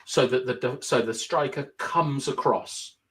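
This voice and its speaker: A man's voice: medium pitch, measured pace, a bit bright. A young man co-hosting a casual football podcast, explaining tactics at length and thinking aloud with lots of fillers. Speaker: podcast co-host.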